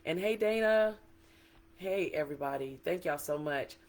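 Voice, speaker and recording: A chatty, excited woman talks to viewers in a casual livestream. She is middle-aged and speaks as an author, greeting people by name as they join. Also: low voice, moderate pace. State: a little emotional. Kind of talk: casual livestream book talk.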